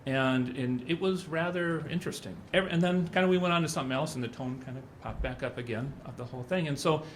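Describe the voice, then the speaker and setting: A man's voice: a little high, quick pace, slight background noise. A middle-aged man speaking at a symposium, telling anecdotes in a loose, conversational way. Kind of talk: conference talk.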